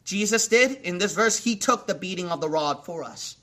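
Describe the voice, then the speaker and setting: A man preaching a sermon with passion, repeating phrases and asking rhetorical questions, swinging from hushed lines to sudden shouts. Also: sits high, lively intonation, moderate pace.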